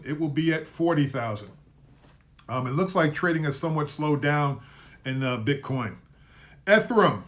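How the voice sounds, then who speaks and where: A man with a slightly high-pitched voice hosts a live market stream. He talks casually and loosely, stumbling and correcting himself as he reads off support and resistance levels. He repeats his trade calls several times. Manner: casual, self-correcting, trips over words. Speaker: market commentary host.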